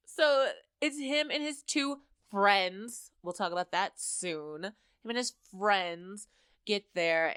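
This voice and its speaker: Chatty woman host with a lowish voice. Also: fairly bright tone, smooth, dry recording, studio quality. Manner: chatty, filler-heavy, laughing asides. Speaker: host recapping a TV episode. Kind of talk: casual chat.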